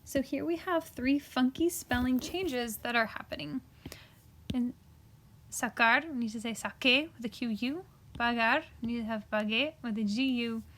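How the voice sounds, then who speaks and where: A young woman teaching a Spanish grammar lesson to her class, chatty and encouraging, slipping into soft whispers as she writes. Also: a little high, normal speed.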